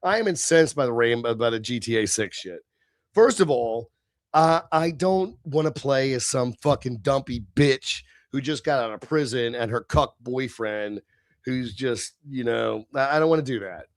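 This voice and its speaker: A tipsy man hosting a live stream, ranting and swearing, swinging between low mutters and shouted outbursts. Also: expressive, moderate pace, dry recording, clean studio sound. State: tipsy from beer. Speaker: livestream host. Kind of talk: profane live-stream rant.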